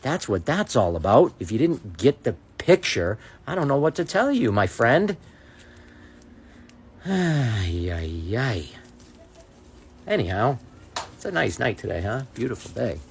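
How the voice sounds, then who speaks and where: A man talks straight to his phone in a heated, sarcastic rant. His pitch sits at an ordinary middle level, and he keeps throwing out challenges and daring the viewer again and again. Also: big pitch swings, normal speed, creaky, slight background noise. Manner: indignant, sarcastic, repeats challenges. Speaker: social media creator. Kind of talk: casual ranting to camera.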